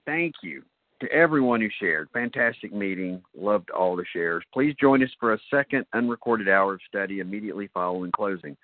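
A man's voice: fairly low pitch, animated, no room sound. A man runs a recovery meeting, thanking each speaker politely and keeping things moving. His voice is dry and close. It sounds tinny, like a phone line. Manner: polite, apologetic, brisk. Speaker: meeting chair.

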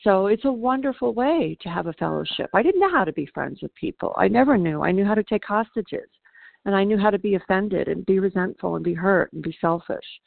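A woman's voice: medium pitch, animated, a little fast, gravelly, no echo. A woman sharing at a recovery meeting, heartfelt and grateful, heard over a phone line. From South Carolina, US.

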